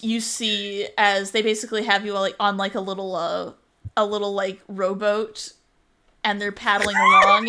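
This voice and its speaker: A woman game master narrates a tabletop game at a slow, easy pace, describing the scene and asking for checks. Her voice is bright and clear, mid-pitched. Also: slight background noise. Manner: unhurried, descriptive, calls for rolls.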